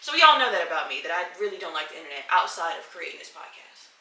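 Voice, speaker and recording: Bright-voiced woman in a roomy room. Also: on the low side, big pitch swings, racing, far from the mic. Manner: candid, profane, emotional, addresses listeners as y'all. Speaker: podcast host. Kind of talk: casual solo podcast chat. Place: at home with her cats. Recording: roomy echo, slightly off-mic.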